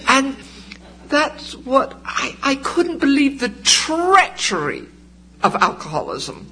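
An older woman telling her recovery story at a meeting, in vivid, deliberate storytelling with acted-out quotes. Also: high-pitched, sing-song, pushed and bright, poor audio. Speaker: recovering alcoholic sharing at a meeting. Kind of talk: personal testimony.

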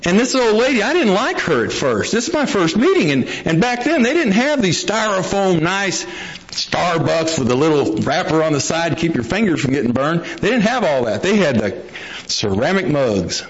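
A man's voice: sits high, big pitch swings, normal speed. Folksy man telling a story, lo-fi. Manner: folksy, jokey, plain-spoken. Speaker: speaker sharing a recovery story. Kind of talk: humorous storytelling to an audience. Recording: dull lo-fi recording.

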